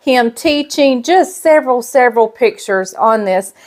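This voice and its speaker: A middle-aged woman talks in a gushing, chatty way, full of little fillers and soft sighs of delight. Her voice sits a touch high for a woman, and she sounds warmly moved throughout. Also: lively intonation, a little slow. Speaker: pastor's wife and vlogger. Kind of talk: casual show-and-tell chat.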